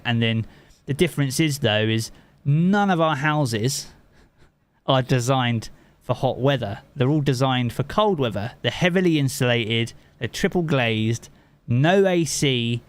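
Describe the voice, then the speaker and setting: A man from England with a Southern English accent, a game streamer chatting casually with his live chat and swearing freely. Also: mid-range voice.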